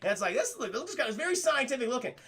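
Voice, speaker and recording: A man's voice: extremely high pitch, big pitch swings, quick pace, sharp tone, slightly rough. A young man casually reviewing a film for his live chat, rambling, swearing and laughing as he goes. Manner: rambling, profane, addresses chat often, laughs a lot.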